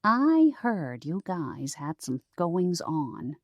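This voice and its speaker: A woman's voice: lowish voice, big pitch swings, drawn-out words, a little mellow, no room sound, heavily acted. Woman reading a teasing old grandmother ghost. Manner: chatty, dramatic, stretches out the big moment. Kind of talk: audiobook character voice.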